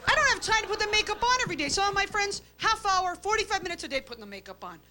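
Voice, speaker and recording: A woman doing a stand-up comedy routine, delivering deadpan quips and tagging jokes with a flat "okay?". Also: very high voice, very fast. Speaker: stand-up comic. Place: comedy club stage with a live audience. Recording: hissy old VHS tape with audience laughter.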